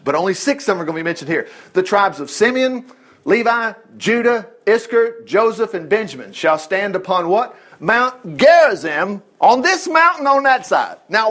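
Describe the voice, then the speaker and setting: A man delivers an animated sermon in a high, bright-toned voice. He reads scripture aloud and breaks off into quick, low asides. Then he jumps back up into loud exclamations. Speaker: preacher. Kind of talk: lively sermon mixing scripture reading and asides.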